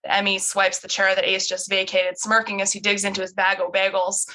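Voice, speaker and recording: A young woman reads her own script in a casual, slightly awkward read-through, close to the mic. Her voice is bright and forceful, with a middle pitch. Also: completely flat delivery, a little fast, few pauses, poor audio. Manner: awkward, self-interrupting reading with laughs. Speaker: writer reading her script.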